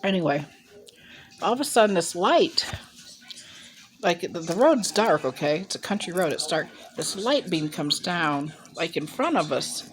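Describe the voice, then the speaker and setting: A woman's voice: on the low side, sing-song, unhurried. A woman in her sixties from Ohio, telling a rambling personal story to camera on a handheld phone, with chatty asides as she eats. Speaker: mukbang vlogger.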